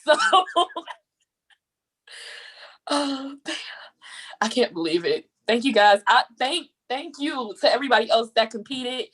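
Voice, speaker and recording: A woman's voice: a little high, animated, unhurried, long pauses, a bit bright, breathy edge. A young woman giving an emotional acceptance speech after winning a contest, tearful and breathless with gushing thanks, talking into her phone on a video call. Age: young adult. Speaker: contest winner.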